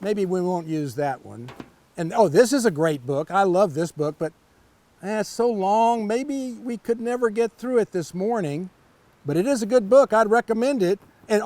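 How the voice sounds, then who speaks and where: A man's voice: high voice, mellow, no room sound. An older man reading a picture book aloud to children at storytime, with folksy, chatty asides to the kids.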